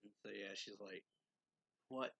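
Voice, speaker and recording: A man casually recapping a manga chapter as a reviewer, retelling the story in a relaxed way with lots of fillers and little chuckles. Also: on the low side, normal speed, vocal fry, dry recording.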